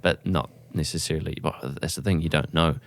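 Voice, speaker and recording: A man with an extremely deep voice talks as a podcast guest, hedging and searching for words as he thinks aloud. The sound is dry and close, with no room sound around him. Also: fairly even intonation, brisk, vocal fry, no room sound. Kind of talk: casual chat.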